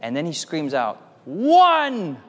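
A man preaching a lively sermon, telling a playful story and calling on the audience for amens. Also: a little high, moderate pace, in a large hall. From United States.

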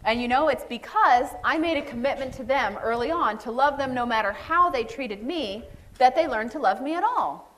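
Middle-aged woman preacher with a slightly high voice, animated and storytelling, acting out quotes mid-sermon. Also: normal speed.

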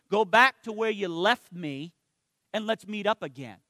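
A man's high, bright preaching voice comes through close and echo-free as he gives a story-filled sermon. Keeping things conversational, he periodically prompts his listeners for an "amen." Whenever a spiritual point lands, his pace slows sharply and he grows quiet.

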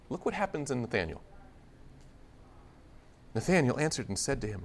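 A man's voice: medium pitch, moderate pace, pauses often. A man preaching a conversational sermon, acting out scripture dialogue with playful humor. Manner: conversational, animated, acts out biblical dialogue with humor.

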